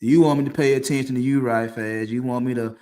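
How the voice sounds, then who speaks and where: Man, mid-pitched voice, casual rambling storyteller on a home stream. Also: steady tone, fast talker, warm tone. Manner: loose, conversational, with frequent restarts and laughs. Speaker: podcast host. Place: dim room indoors. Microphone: streaming setup mic.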